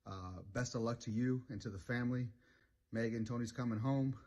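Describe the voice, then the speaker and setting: A man recording a sincere video tribute to a fellow sailor, speaking haltingly with frequent fillers. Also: medium pitch, darkish tone, lo-fi sound. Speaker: retired Navy chief giving a video tribute.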